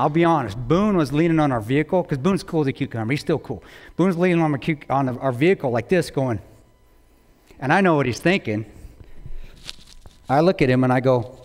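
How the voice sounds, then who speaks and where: A man's voice: mid-range voice, a little mellow. Blunt self-mocking man in an echoing hall. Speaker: guest speaker. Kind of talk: storytelling lecture. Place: large lecture hall. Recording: long hall reverb.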